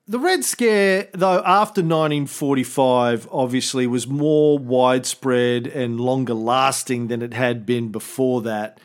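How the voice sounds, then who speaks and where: Chatty man explaining history. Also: medium pitch. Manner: explanatory, with frequent fillers and self-corrections. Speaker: podcast co-host. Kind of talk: casual history podcast chat.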